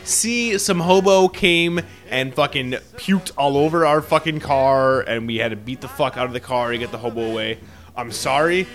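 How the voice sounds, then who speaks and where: A man's voice: medium pitch, normal speed, fairly bright tone. A man raunchy, rambling podcast co-host. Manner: profane, rambling, jokey. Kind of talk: casual couple podcast chat.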